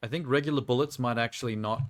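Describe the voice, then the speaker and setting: A man chats loosely while building in a game on a live stream, rambling from idea to idea. He jokes and laughs often, with an average-pitched everyday voice. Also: fast.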